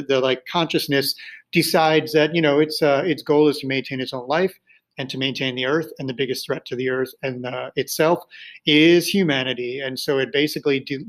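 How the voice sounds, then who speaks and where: A man's voice: medium pitch, low-quality recording. A male teacher casually recommending books to his students, rambling loosely with many fillers and restarts.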